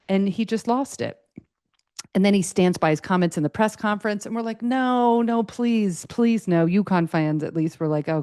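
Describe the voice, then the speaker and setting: Middle-aged woman, podcast host, low-pitched, rambling and excitable, close dry mic. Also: dry recording. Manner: chatty, excitable, full of fillers and restarts. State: a little choked up, tired. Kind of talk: casual solo podcast chat.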